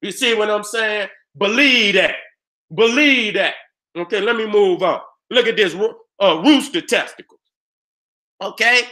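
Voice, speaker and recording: High, bright-voiced man ranting. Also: measured pace. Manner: heated, streetwise, loud, acts out dialogues. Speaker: video host. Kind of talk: profane ranting commentary.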